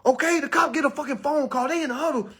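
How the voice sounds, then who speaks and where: A man telling a personal story to his viewers in a casual, animated, profane way, calling them y'all. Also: very high voice, fast. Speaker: vlogger.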